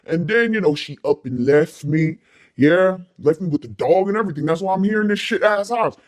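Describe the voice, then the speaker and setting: A woman's voice: on the low side, expressive, a little fast, voice pushed down, close to an everyday voice. A woman doing a boozy rambling neighbor guy. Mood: maudlin rambling. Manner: rambling, repeats himself with many fillers. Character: boozy middle-aged male neighbor, rambling, self-pitying.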